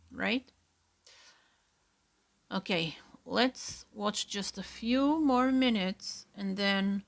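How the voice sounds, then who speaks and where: A woman hosting a solo reaction podcast, talking in an earnest, chatty way with fillers and soft asides. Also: medium pitch, creaky. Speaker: podcast host.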